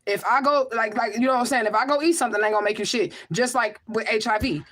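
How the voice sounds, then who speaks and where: This spiritual medium and livestream host has a fairly high, fairly bright voice and talks fast. On her casual stream she reads viewer comments aloud and answers emphatically and rhetorically, frequently saying "okay?".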